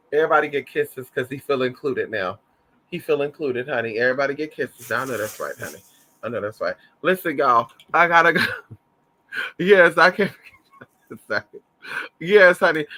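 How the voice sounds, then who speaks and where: A male vlogger with a medium pitch and a sharp tone chats casually on a livestream. He's sassy and flamboyant, swearing freely and calling viewers honey.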